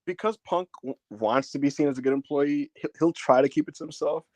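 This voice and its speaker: A man co-hosting a wrestling podcast in casual chat, animated, often laughing and swearing freely. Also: on the high side, a little fast, no room sound. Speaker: podcast co-host.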